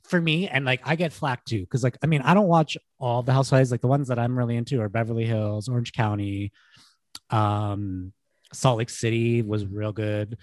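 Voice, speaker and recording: A man's voice: mid-range voice, fairly even intonation, moderate pace, a little mellow, no room sound. A man in his thirties chats casually as a podcast co-host, full of enthusiasm and peppered with "like". His voice is recorded dry and close, with no room sound. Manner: chatty, filler-heavy, enthusiastic. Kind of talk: casual chat.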